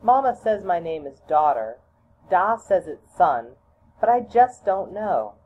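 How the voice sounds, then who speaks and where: A woman's voice: lowish voice, sing-song, a little slow, warm tone, pitched above the performer's own voice. A woman voicing a small, earnest child who keeps asking questions, in a raised, pleading voice. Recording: tinny phone-like audio, faint hiss.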